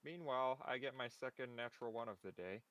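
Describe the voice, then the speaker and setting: A man's voice: mid-range voice, fast, a bit bright, low-quality recording. A man playing a tabletop game, narrating his character in a rambling, self-interrupting way. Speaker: player. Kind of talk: casual tabletop play.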